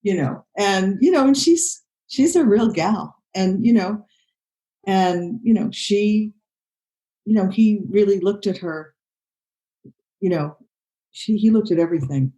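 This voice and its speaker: A woman's voice: mid-range voice, lively intonation, measured pace, long pauses, mellow, low-quality recording. An older woman film director in an interview, talking in a rambling way with many "you know" fillers and restarts. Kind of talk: conversational interview.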